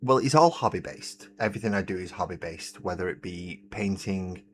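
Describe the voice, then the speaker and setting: Man, very low voice, chatty livestream host, close desk mic, faint hum. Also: normal speed, fairly bright tone. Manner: chatty, laughs often, reads out chat messages. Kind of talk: casual livestream chat while painting miniatures. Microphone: desk mic, moved close to the face.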